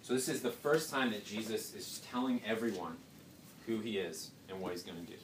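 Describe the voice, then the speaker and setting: A young man with a slightly low voice leads a casual Bible study, talking through the passage in a chatty way and dropping in rhetorical questions and jokes. He sits back from the microphone in a roomy, echoing space. A faint background hum runs underneath. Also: brisk. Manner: conversational, rhetorical questions, joking asides. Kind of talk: casual scripture teaching. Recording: roomy, distant mic, faint background noise.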